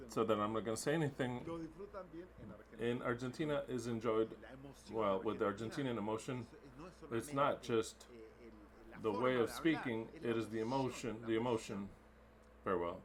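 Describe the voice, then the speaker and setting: A man's voice: on the low side, normal speed, pauses often, a crowd in the background. A man interpreting a sermon into English live, emphatic and repetitive, with blunt wording.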